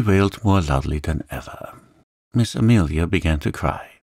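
A man narrating a classic novel as a calm, gentle sleep story. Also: low voice, normal speed, gravelly, breathy edge, no echo, studio quality.

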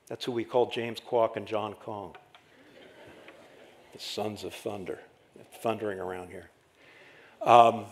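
A middle-aged man preaching a sermon as pastor, animated and rhetorical, often tagging lines with "right?". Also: mid-range voice. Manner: animated, rhetorical "right?" asides, dramatic acted quotes.

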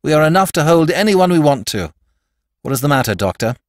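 A man voicing a calm, perceptive priest detective. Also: no echo, clean studio sound. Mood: quietly intense. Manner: low measured undertone, rising to firm command.

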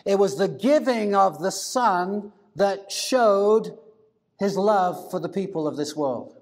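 A male pastor preaching a sermon, deliberate and emphatic, slowing down to stress key words. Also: high voice, expressive, a little mellow.

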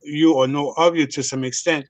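A man's voice: on the high side, steady tone, moderate pace, no room sound. Easygoing male host, dry sound. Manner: easygoing, many fillers. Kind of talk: casual chat.

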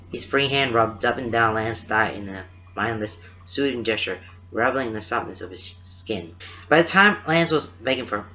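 A man narrating a fan story aloud at a steady, unhurried pace, recorded in dull lo-fi sound. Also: medium pitch. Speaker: fan fiction reader.

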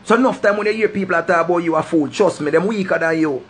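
A man's voice: high voice, fast talker, slightly rough. A man with a Jamaican accent giving impassioned, preachy advice straight to camera, repeating his points for emphasis. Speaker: vlogger giving life advice.

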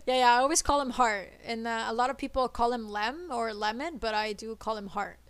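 A woman streaming a co-op game, chattering nervously and excitedly as she plays. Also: on the high side, a little fast, smooth, dry recording. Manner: excitable, nervous, switches between English and Italian. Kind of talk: live gameplay chatter.

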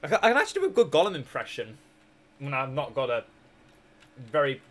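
A man's voice: medium pitch, wildly swooping pitch, brisk, a bit bright. A young Scottish man with a sore throat, chatting casually and joking while streaming a strategy game. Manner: rambling, chatty, jokey, laughs often. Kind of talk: casual live-stream chat.

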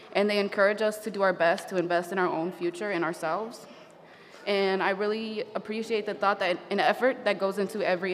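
A young woman, a graduating student, reading her speech casually, a little halting, with light laughs. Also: mid-range voice. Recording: reverberant hall with faint noise.

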